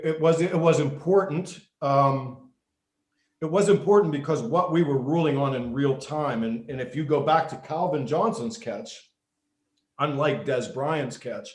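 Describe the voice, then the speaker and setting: A middle-aged man, a former referee, telling stories in an interview in an animated way, with many restarts. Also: on the high side. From United States. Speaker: guest, former football referee and basketball official. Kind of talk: storytelling interview. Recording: echoey room.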